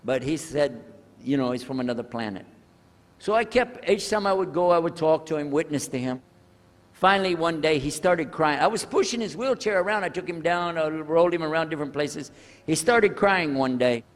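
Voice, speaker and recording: An older man telling a personal story to an audience, animated and acting out the people in it. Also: on the high side, moderate pace. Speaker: speaker telling his conversion story. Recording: echoey hall.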